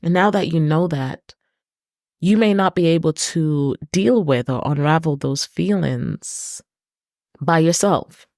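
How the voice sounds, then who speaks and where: A woman's voice: low-pitched, slow, darkish tone, dry recording, clean studio sound. A woman hosting her own podcast, speaking earnestly in a personal, reflective monologue and repeating words for emphasis. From Britain. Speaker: podcast host.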